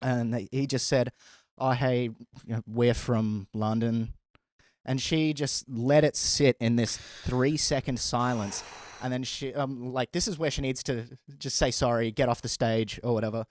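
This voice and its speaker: A man and stand-up comedian telling a story in a casual, animated way, often laughing as he goes. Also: medium pitch, moderate pace, no room sound.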